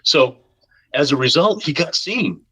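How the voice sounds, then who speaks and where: A man telling a story on a podcast in a casual, animated way, acting out the voices of the people in it. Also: a little high, a little slow, a crowd in the background, rough recording. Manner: animated, acts out quoted voices. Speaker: podcast guest.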